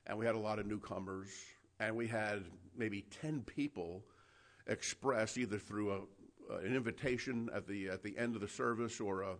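A man preaching a sermon, impassioned and building to loud exhortation, calling his listeners friends, with frequent restarts and fillers. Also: fairly low pitch, normal speed.

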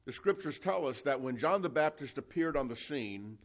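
A male preacher deep in a passionate sermon, climbing from plain talk into loud, urgent exhortation. He speaks at a mid-range man's pitch and stumbles over restarts as he presses his point. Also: expressive, normal speed. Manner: impassioned, builds to loud exhortation, addresses listeners as friends; frequent restarts and fillers.

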